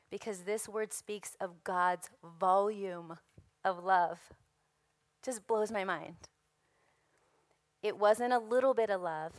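Woman, hoarse voice, slow sermon, earnest and emphatic, dry close sound. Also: mid-range voice, no room sound. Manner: earnest, emphatic preaching with repetitions. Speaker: women's ministry speaker.

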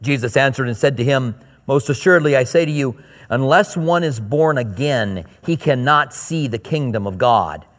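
A man preaches from the pulpit, reading scripture at a slow, deliberate pace. Between passages he breaks into quicker, casual explanations. His voice carries a long reverb tail, as if in a large hall. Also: medium pitch, lively intonation. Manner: reads scripture slowly, then explains in quick asides. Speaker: pastor.

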